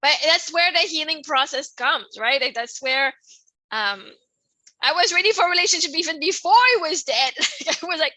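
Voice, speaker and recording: A middle-aged woman with a French Canadian accent, hosting her own podcast in a rambling, expressive monologue that keeps coming back to "right?" and "like". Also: high-pitched, normal speed, no room sound, poor audio. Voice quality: expressive, laughs often, swings from soft to loud. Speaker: podcast host. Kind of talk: casual personal monologue.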